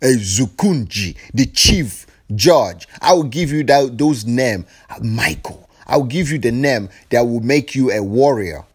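A man voicing God as a calm, commanding deity who speaks in steady, measured pronouncements. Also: mid-range voice, husky, voice pushed down. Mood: solemn.

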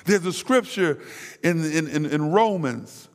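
High-voiced man preaching with passion, slow. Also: lively intonation, in a large hall. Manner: impassioned, swings from hushed to crying out, repeats words. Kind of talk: sermon.

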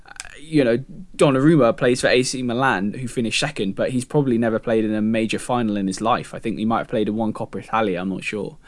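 A man's voice: lowish voice, fast talker, hardly any pauses, no echo. A man, a football journalist, chatting on a football podcast and hedging his opinions with frequent "I think". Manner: thoughtful, hedging with "I think" and "you know". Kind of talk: casual football podcast chat.

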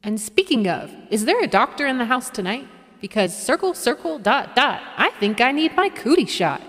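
A woman's voice: on the high side, very animated, normal speed, a bit bright, big-room sound. A woman playing a smarmy male awards-show co-host with hammy showbiz patter.

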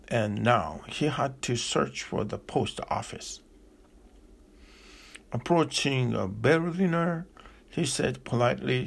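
A man giving a slow, deliberate philosophical discourse with long pauses, like a spiritual teacher. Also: medium pitch, vocal fry, breathy edge.

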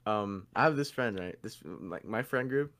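A man co-hosting a casual podcast, telling stories in an animated, slangy way. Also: fairly low pitch, normal speed. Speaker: podcast co-host.

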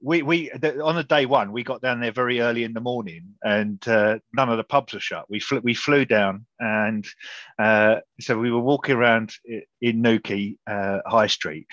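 A man's voice: medium pitch, moderate pace, a bit bright, no echo, highs cut off. A man hosting a casual chat, telling rambling stories with many restarts and chuckles. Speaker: podcast host, interviewer.

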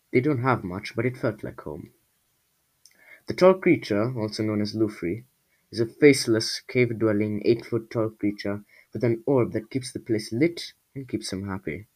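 A man's voice: medium pitch, low-quality recording. A man reading his own storybook aloud in a casual way, breaking off for jokey asides to his listeners. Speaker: storybook reader.

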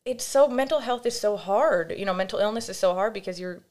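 A young adult woman, a podcast guest, telling a candid personal story in a casual, animated way, with many fillers and quoted voices acted out. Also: medium pitch, fairly quick.

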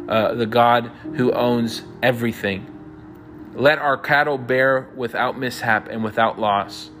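A man reading psalms aloud and then praying fervently for listeners, like a pastor. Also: medium pitch. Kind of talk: scripture reading and prayer. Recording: music playing behind the voice.

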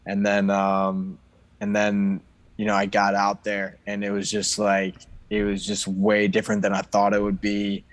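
A man who plays hockey, talking in a casual chat, halting with lots of fillers. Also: fairly low pitch, completely flat delivery, no echo, poor audio. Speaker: guest, hockey player.

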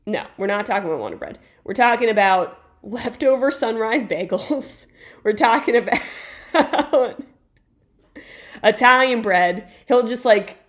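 A woman co-hosting a podcast in casual chat, telling stories emphatically and laughing often. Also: mid-range voice. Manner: enthusiastic storyteller, emphatic and laughing. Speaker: podcast co-host.

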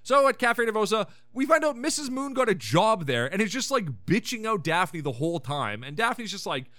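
A man's voice: sits high, sing-song, moderate pace, hardly any pauses, a bit bright, dry recording. A man hosting a podcast, recapping an episode in a casual, irreverent way and swearing freely. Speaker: podcast host.

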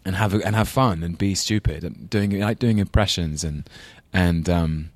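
A man in his thirties with a London accent talks loosely as an interview guest, drifting between thoughts and laughing at his own stories. His voice sits very low. The sound is close and dry. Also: moderate pace, dry recording. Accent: London English. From England. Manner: rambling, self-deprecating, laughs often. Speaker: actor guest. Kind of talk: casual interview chat.

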